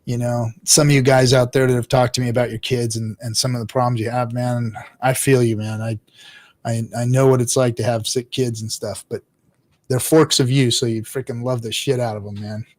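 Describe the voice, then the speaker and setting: A man's voice: little pitch movement, fairly quick. Profane, rambling man on a livestream. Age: adult father. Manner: profane, rambling, laughs often, drops to low mutters. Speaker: crypto livestream host reading chat. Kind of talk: casual livestream chat.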